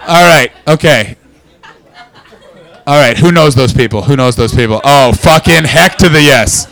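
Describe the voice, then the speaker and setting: Canadian male stand-up, crude and loud crowd work, club set. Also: medium pitch, measured pace, creaky. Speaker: stand-up comedian. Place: comedy club.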